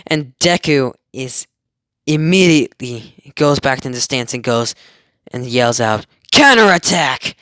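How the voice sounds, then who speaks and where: A man's voice: medium pitch, steady tone, measured pace, clean tone, dry recording, clean studio sound. A young man casually retelling a fan story, rambling, giggling and correcting himself as he goes. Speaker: amateur storyteller.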